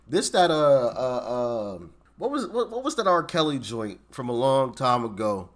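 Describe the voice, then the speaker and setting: A man hosting a reaction show, giving slangy, animated commentary on a story. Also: mid-range voice. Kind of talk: casual commentary.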